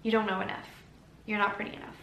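A woman's voice: mid-range voice, little pitch movement, quick pace, fairly bright tone, natural voice. A woman voicing a harsh, judgmental inner critic in her own everyday voice, recorded in a roomy space with faint background noise. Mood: scolding. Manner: scolding, judgmental.

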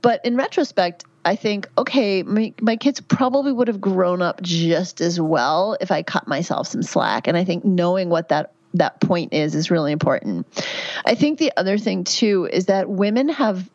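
Midwife guest in her fifties: frank, chatty woman, low voice, muffled dry mic. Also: animated, moderate pace, no room sound. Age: 50s. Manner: warm, chatty, candid. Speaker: guest, midwife and health author. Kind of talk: conversational interview answers.

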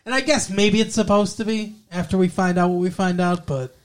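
A man's voice: high-pitched, fairly even intonation, fairly quick. Opinionated man from the American South. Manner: chatty, opinionated, swears casually. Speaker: podcast co-host. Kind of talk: casual movie discussion.

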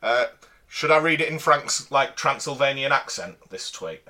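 A man cohosts a casual podcast in a teasing, jokey way while reading listener messages. His voice is bright and forward, set at a middle pitch for a man. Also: lively intonation, normal speed. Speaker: podcast co-host.

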